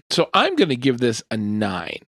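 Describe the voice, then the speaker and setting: A man's voice: mid-range voice, huge pitch swings, unhurried, fairly bright tone, no room sound. A man co-hosting a casual movie review podcast, talking in a laid-back, hesitant way with many fillers. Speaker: podcast co-host.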